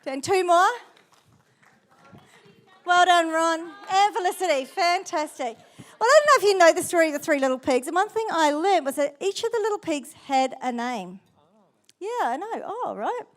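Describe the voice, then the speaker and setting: A woman pastor giving a sermon in church with lively, playful storytelling. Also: very high voice, moderate pace.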